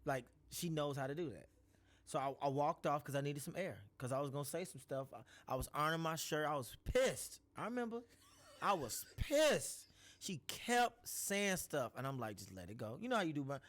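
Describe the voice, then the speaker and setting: A man in casual podcast chat, laid-back and slangy, quick to laugh along. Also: on the high side, fairly bright tone.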